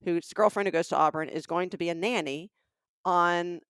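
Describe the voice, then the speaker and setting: A woman's voice: fairly low pitch, normal speed, fairly bright tone, clean tone, no room sound, clean studio sound. A middle-aged woman from Alabama co-hosting a casual comedic podcast, telling stories and asking emphatic rhetorical questions. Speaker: podcast co-host.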